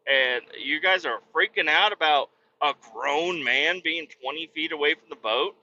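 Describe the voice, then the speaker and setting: Sharp in tone and a little high, a podcast host rattles through a story at normal speed with hardly any pauses, ranting casually and profanely while acting out other people's voices. The recording sounds slightly muffled, with a faint hiss.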